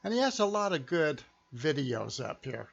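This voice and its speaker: Gravelly-voiced man hosting a live stream. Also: on the high side, big pitch swings, normal speed, muffled recording. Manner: casual, chatty. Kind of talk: unscripted live-stream commentary.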